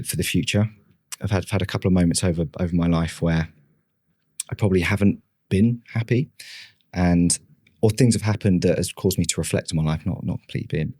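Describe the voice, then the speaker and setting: In studio-quality audio with no room sound, a man with a low, darkish, slightly breathy voice appears as a podcast guest. A marketing leader, he tells his story candidly and with self-deprecating humour, often restarting his sentences.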